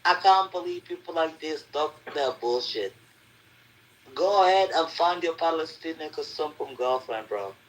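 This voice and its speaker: A man's voice: on the high side, lively intonation, moderate pace, poor audio. A man hosting an online voice chat, hurling aggressive, profane taunts in a heated argument. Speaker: host.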